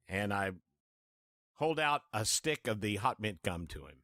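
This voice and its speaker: A man's voice: lowish voice, expressive, measured pace, sharp tone, no echo, clean studio sound. A man playing a tabletop game, hesitant and full of fillers as he describes his actions. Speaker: player. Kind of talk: in-character tabletop banter.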